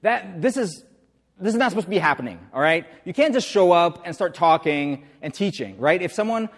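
A man preaching a relaxed, conversational sermon in a church, full of fillers and rhetorical questions. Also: high-pitched, fairly quick, big-room sound. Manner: chatty, uses hesitant fillers and rhetorical questions. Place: church sanctuary.

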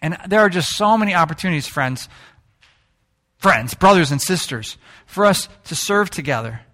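A man preaching a sermon, telling stories in an animated way and joking with the congregation. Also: fairly high pitch, moderate pace. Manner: animated storytelling, jokes with the congregation. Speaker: pastor.

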